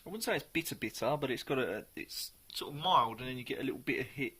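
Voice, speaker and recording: A man reviewing a beer in a casual, chatty way, sometimes pausing to search for the right words. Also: medium pitch, expressive, bright, forceful tone, breathy edge.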